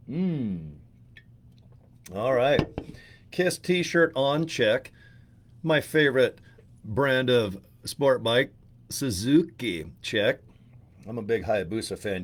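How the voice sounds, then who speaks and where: Guy goofing around before going live, rambly, crude jokes, medium pitch voice. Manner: joking, rambling, crude humor. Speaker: live-stream host. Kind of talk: casual live-stream chat.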